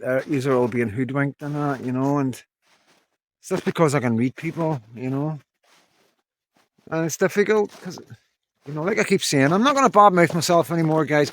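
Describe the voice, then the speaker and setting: A man with a strong regional accent talking casually to his viewers on an evening walk, rambling, frank and downbeat, swearing now and then. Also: mid-range voice. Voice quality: strong regional accent that he says captions garble. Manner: rambling, frank, swears, repeats "you know". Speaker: vlogger.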